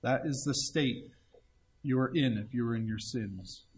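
This man speaks at a medium pitch and takes his time while delivering an evangelistic sermon. Earnest and pleading, he reads passages of scripture aloud in archaic language.

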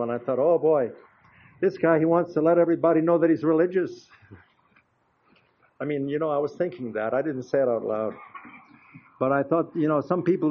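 An older man preaching in a folksy, chatty way, telling anecdotes with frequent asides to the congregation. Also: fairly high pitch. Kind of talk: folksy storytelling sermon. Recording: dull lo-fi recording.

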